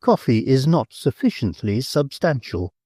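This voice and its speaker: A man's voice: medium pitch, sing-song, unhurried, dark tone, breathy edge, no room sound, studio quality. A man voicing a bossy, talkative middle-aged countess who gives fussy commands.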